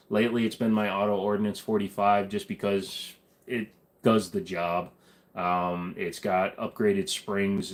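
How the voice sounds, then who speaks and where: A man hosting a casual livestream, chatting loosely with viewers, joking and rambling with lots of fillers and restarts. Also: low-pitched. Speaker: livestream host. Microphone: desk microphone.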